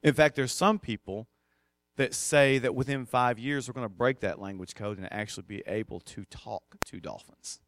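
A man's voice: medium pitch, normal speed, a bit bright, slight background noise. A male pastor preaching a sermon in a conversational, emphatic way, with casual asides.

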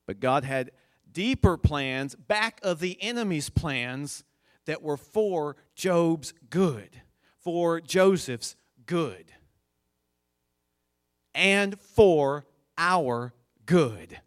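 A man preaching a sermon, slow and deliberate, building to emphatic high points as he retells a scripture story. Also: expressive, dry recording, studio quality.

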